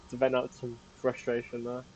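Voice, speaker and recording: A man with a gravelly, fry-laden voice talks his way through a horror game in a jumpy, swearing stream of self-talk. The recording carries a steady layer of background noise, and his pace is slow and drawn out. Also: mid-range voice, poor audio. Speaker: gamer playing a horror game. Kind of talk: let's play commentary.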